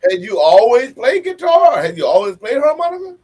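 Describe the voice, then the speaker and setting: A man hosting a casual live video chat, relaxed and encouraging toward his guest. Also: very high voice, brisk. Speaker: show host.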